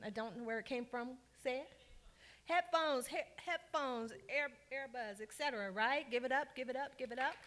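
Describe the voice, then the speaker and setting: A woman from Baltimore leading a lively, interactive workshop in a conference room, urging the audience to cheer and answer. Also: a little high, a little hiss or hum. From Baltimore, Maryland. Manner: lively, hypes the audience with calls for applause. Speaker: workshop speaker. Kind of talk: energetic interactive workshop talk.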